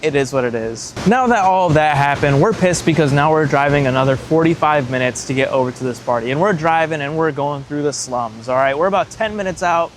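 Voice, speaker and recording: Young guy, storytime vlogger, slightly high voice, profane rambling delivery, faint background noise. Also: a little fast, few pauses. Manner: profane, rambling, heavy use of "like". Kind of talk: casual storytelling.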